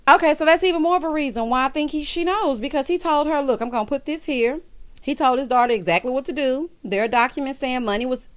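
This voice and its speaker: A woman with a fairly high voice talks through a reality TV episode in a sassy, emphatic way. She leans on drawn-out "honey" and "child" asides and laughs often as she gives her opinions. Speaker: reality TV recap vlogger. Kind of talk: opinionated casual commentary.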